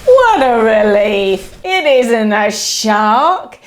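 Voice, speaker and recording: A woman nursery teacher reading a picture book aloud to little children. Her voice is high, and she reads very slowly. Her delivery is lively and sing-song, and she keeps inviting her listeners to join in.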